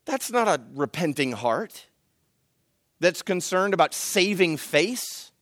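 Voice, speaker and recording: A man preaching with a lively, swooping delivery and a fairly high voice. He acts out the excuses he quotes. The sound is dry and close. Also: measured pace, dry recording. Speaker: pastor. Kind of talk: sermon.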